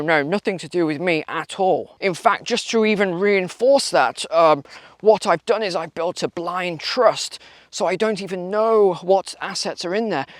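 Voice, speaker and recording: A man's voice: high voice, a bit bright, dry recording, clean studio sound. A man putting on a smug, evasive male politician who stumbles through flustered denials. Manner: flustered denials with many fillers.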